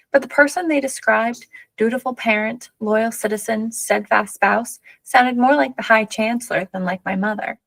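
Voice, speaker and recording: A woman reading a children's novel aloud, with measured, steady first-person narration. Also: a little high, vocal fry, dry recording, rough recording. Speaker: audiobook reader.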